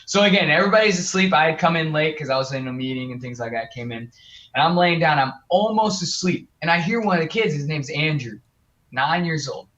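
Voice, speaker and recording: A young man, a guest on an interview show, telling a story in an earnest, animated way with many fillers and restarts. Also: on the high side, fairly quick. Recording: muffled lo-fi audio.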